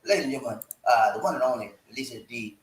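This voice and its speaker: A man's voice: mid-range voice, fast talker, reverberant, low-quality recording. A man hosting a casual live stream, playful and talkative, hyping his viewers with slangy call-and-response chants. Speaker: livestream host. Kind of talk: casual livestream chat.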